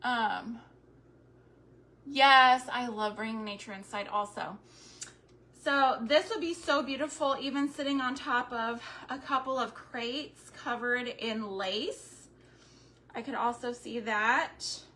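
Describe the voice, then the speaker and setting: A woman's voice: on the high side, takes it slowly, sharp tone. A woman, chatting casually with livestream viewers while working on a craft project and greeting them by name. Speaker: homestead DIY livestreamer.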